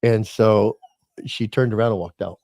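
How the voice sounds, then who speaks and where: An older man with a low, warm, mellow voice tells a family story in a folksy, meandering way, often repeating himself. He sounds close and dry, with no room around him. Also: steady tone, moderate pace, no echo. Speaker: podcast co-host. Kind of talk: casual chat.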